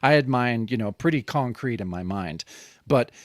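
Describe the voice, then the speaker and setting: A man's voice: medium pitch, lively intonation, moderate pace, no echo, studio quality. A man co-hosting a podcast, rambling and laughing, swearing now and then in casual chat. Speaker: podcast co-host.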